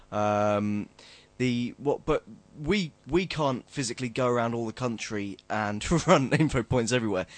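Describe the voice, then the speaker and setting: A man co-hosts a casual group podcast at an ordinary middle pitch. He explains plans with dry humour, stopping and restarting his sentences. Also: no echo. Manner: explanatory, wry, hesitant restarts. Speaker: podcast co-host.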